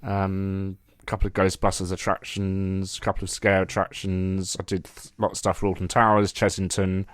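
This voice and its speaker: A man, a guest on a podcast, chatting in a relaxed, wry, self-deprecating way. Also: sits low, normal speed, dry recording. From England. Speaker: guest composer. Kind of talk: casual podcast chat.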